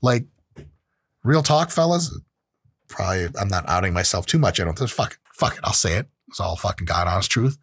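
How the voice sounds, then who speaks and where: A man's voice: low-pitched, lively intonation, fairly quick, fairly bright tone, husky. A man in his late thirties hosting his own show, talking in a blunt, profane, casual solo monologue. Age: late 30s. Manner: blunt and profane, with acted-out quotes. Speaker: host.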